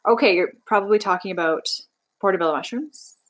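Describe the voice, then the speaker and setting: A woman's voice: medium pitch, quick pace, a little hiss or hum, low-quality recording. A young woman from Canada chatting casually on a livestream, bubbly and rambling as she reads out viewer comments. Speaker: livestream host.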